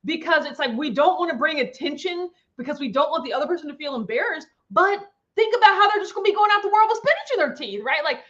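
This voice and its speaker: Woman livestream host, higher voice, chatty and animated, dull lo-fi stream sound. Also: fast, hardly any pauses. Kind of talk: casual chat reading viewer comments.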